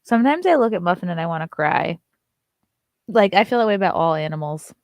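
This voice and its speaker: A woman's voice: fairly low pitch, a little fast, no echo. A woman comedian hosting a casual morning show, chatting loosely and reading viewer comments, sometimes slipping into sing-song baby talk with her dog.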